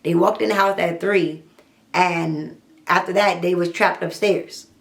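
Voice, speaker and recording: A young adult woman, telling her own story in a blunt, profane, animated storytime monologue. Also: fairly low pitch, a little slow, creaky. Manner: blunt, profane, animated retelling with quoted dialogue.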